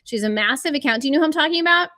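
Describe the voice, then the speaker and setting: A woman telling stories in a casual podcast chat, animated and laughing often, as a guest on a video call. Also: high-pitched, rapid-fire, no room sound, clean studio sound. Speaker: conference organizer and guest.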